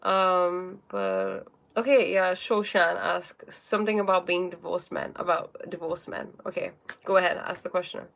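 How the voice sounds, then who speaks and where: A woman with a gravelly, fry-tinged voice hosts a casual self-help livestream. She rambles and thinks aloud, full of fillers and restarts, and talks straight to her viewers about their comments. It sounds like a phone held close. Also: lowish voice, steady tone, normal speed, fairly bright tone. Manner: chats directly with viewers, reading their comments. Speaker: livestream host answering viewer questions.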